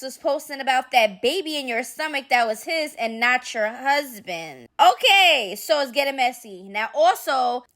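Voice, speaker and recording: A woman's voice: high-pitched, fairly bright tone. A woman hosting a celebrity gossip channel, reading posts aloud and commenting in a sassy, chatty way. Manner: sassy, chatty, addresses viewers as y'all.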